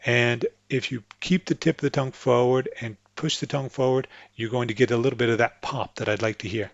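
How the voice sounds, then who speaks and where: A patient man walks English speakers through French pronunciation, repeating words slowly to demonstrate each sound. His voice sits at an ordinary middle pitch and is close and dry, with a slightly dull, lo-fi tone. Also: fairly even intonation, no room sound. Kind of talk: instructional explanation with spoken examples.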